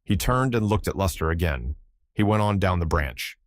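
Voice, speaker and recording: A man narrating an audiobook in a measured, plain storytelling manner on a close studio mic. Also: low-pitched, animated, no echo. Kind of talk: scripted literary narration.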